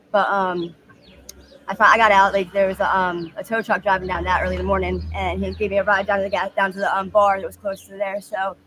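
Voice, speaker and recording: Woman, 30s, street interview, candid and halting, quick pace, faint birdsong behind. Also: mid-range voice, flat delivery, fairly bright tone, slight background noise. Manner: candid, halting storytelling with many fillers.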